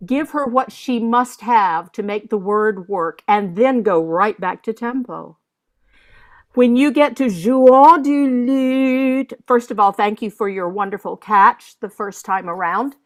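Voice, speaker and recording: An older woman coaches performers in a masterclass, speaking slowly and with measured care. Her instructions are direct and firm, and she often scats rhythms aloud to demonstrate phrasing. Her voice sits at an ordinary middle pitch. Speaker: vocal coach leading a masterclass.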